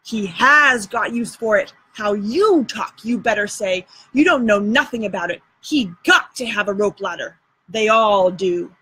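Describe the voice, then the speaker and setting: A woman's voice: medium pitch, animated, a little slow, pushed and bright, breathy edge, full character voice, poor audio. A woman reading aloud and voicing a bossy, show-off boy adventurer in a drawling folksy dialect.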